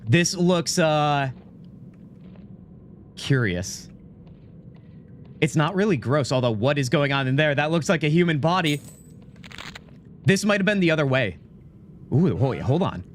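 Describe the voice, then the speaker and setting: A man live-streaming a game, chatting with his viewers in an animated, mock-indignant, joking way into a desk microphone. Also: a little high, unhurried, long pauses, a little hiss or hum. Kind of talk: casual gaming live stream, talking to chat.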